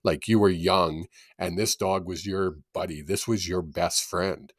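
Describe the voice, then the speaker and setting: Low-voiced man channeling in casual chat. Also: no echo, studio quality. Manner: animated, laughs often, quick bursts of excitement. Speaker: psychic medium host.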